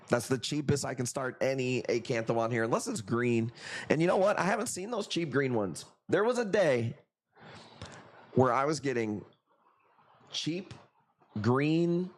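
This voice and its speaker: Joking, foul-mouthed male stream host. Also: mid-range voice. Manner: profane, joking, rambling banter with viewers. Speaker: livestream coral auction host. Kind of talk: casual live sales chat.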